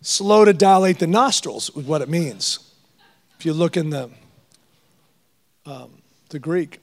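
A middle-aged man preaching a sermon, his voice pitched high with a gravelly edge. He tells animated stories and jokes, laughing as he goes. He delivers it as a guest preacher. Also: measured pace, long pauses.

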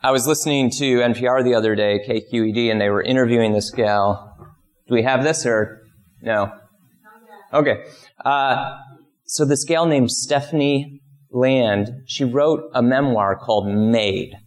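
A pastor giving a conversational sermon, telling stories and briefly acting out the people in them. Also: male voice, unhurried. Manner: conversational storytelling, acts out voices with big pitch jumps.

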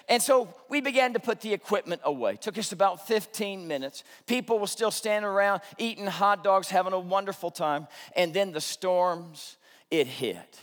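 Man, pastor, high-pitched, theatrical preacher, long hall reverb. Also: moderate pace. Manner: animated, dramatic storyteller who shouts punchlines. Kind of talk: humorous sermon storytelling.

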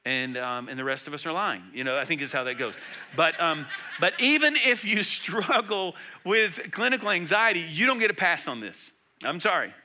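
A middle-aged male pastor delivering a sermon, earnest and emphatic, swinging between loud emphasis and hushed tenderness. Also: on the high side, animated, normal speed.

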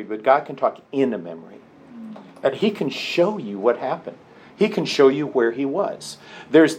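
A man leading a prayer workshop with a group, talking conversationally, with restarts and slow emphasis. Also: medium pitch, slightly rough. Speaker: workshop leader. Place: meeting room with a group.

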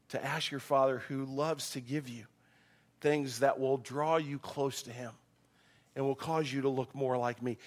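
A middle-aged man preaching a sermon, his voice a bit strained, animated and acting out quoted voices. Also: medium pitch. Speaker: pastor.

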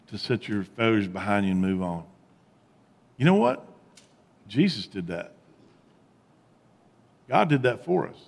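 Man, pastor, sermon, animated emphatic delivery, medium pitch, reverberant church hall. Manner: animated preaching with rising emphatic peaks and quiet low asides.

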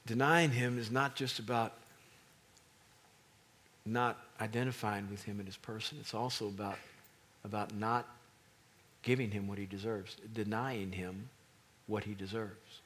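A middle-aged man preaching a sermon, animated and rising to emphatic peaks. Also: lowish voice, a little slow, long pauses, a little hiss or hum.

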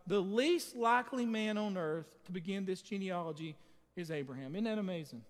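A man's voice: sits high, lively intonation, normal speed, big-room sound. A man preaching a sermon, emphatic and speaking straight to his congregation. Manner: emphatic, addresses the congregation directly.

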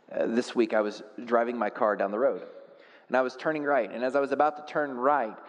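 A man preaching a sermon as pastor, telling stories with self-deprecating humor and swinging from quiet reflection to loud, animated outbursts. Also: medium pitch, brisk, long reverb tail, muffled recording.

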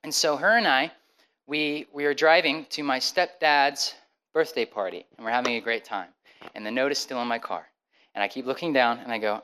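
A man's voice: fairly high pitch, clear, resonant tone, low-quality recording. Young man telling a personal testimony. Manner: animated, acts out the dialogue with many quick restarts. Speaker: speaker sharing a personal testimony.

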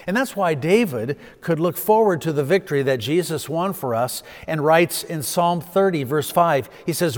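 A man's voice: medium pitch, moderate pace. Preaching man in a reverberant hall. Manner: storytelling preacher, swelling with emphasis then dropping soft. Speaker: pastor. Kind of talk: sermon.

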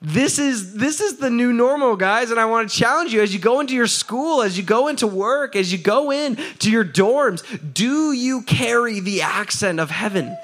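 A man preaching a sermon as pastor, energetic and chatty, asking the crowd for answers and often adding "right?". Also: extremely high pitch, moderate pace, few pauses. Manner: laughs often, repeats "right?".

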